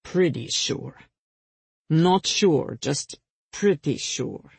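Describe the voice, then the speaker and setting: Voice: medium pitch, expressive, vocal fry, darkish tone, breathy edge, no room sound, heavily acted. A reader voicing a cold, sarcastic male crime boss. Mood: scornful. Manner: slow, cutting and sarcastic. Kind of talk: audiobook character reading.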